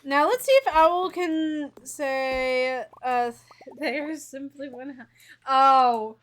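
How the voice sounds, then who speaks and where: A young woman streamer chatting casually with a guest, animated and playfully teasing, often laughing. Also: sits high, very slow.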